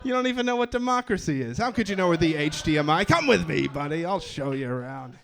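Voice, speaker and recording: A man voicing a loud, condescending male store employee. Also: a little high, lively intonation, fast talker, gravelly. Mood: patronizing.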